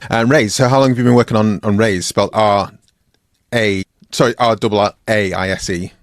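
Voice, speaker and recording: Male podcast host, talks fast, low voice, eager little fillers. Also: fairly even intonation, no room sound, clean studio sound. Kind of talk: conversational podcast interview.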